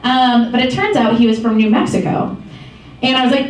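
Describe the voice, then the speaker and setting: A woman in her twenties from Michigan, giving a casual talk to a group as founder of a campaign, telling stories in a chatty, animated way with many ums and small laughs. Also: high voice, a little fast. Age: 20s. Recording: echoey far-off room mic with faint noise.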